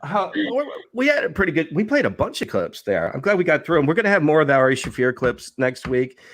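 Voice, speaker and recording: A man's voice: a little high, sing-song, quick pace, fairly bright tone. A man co-hosting a casual podcast chat, laughing often and mimicking other people's lines. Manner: laughing, imitates callers and hosts. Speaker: podcast co-host.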